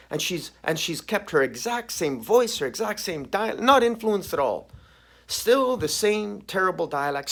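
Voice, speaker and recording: A man giving a sarcastic, exasperated solo review, full of rhetorical questions and restarts. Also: fairly high pitch. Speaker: comic book reviewer.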